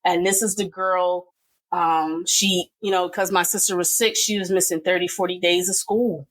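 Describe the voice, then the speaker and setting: A middle-aged woman speaking as a podcast guest, giving an earnest and emotional personal testimony with pauses and fillers. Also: lowish voice, fairly even intonation, rough recording.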